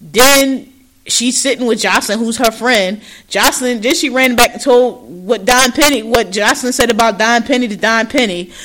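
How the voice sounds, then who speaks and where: A woman co-hosting a podcast, recapping a show in loud, laughing, profane gossip. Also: fairly high pitch, normal speed, slight background noise. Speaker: podcast co-host. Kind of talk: casual recap chat.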